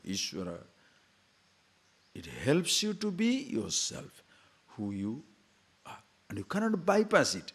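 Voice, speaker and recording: A man's voice: medium pitch, slightly rough. An older male spiritual teacher giving a discourse. He talks in a loose, conversational way, with teasing asides and little acted-out quotes. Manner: conversational, mocking asides, acts out quoted voices.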